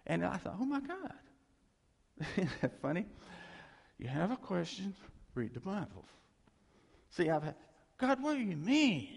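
A man preaching a sermon in an animated way, chuckling often and calling out to the congregation for a response. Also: fairly high pitch, vocal fry, husky, long reverb tail.

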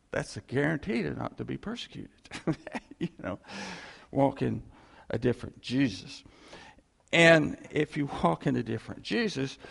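A man's voice: medium pitch, creaky, husky, in a large hall. A male pastor giving a conversational sermon, repeating phrases for emphasis and chuckling as he goes.

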